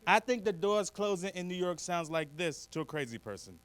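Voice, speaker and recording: A man doing a stand-up comedy set, animated and full of voices, on a handheld stage mic. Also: high-pitched, brisk, clear, resonant tone, no echo. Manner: animated, lots of character voices.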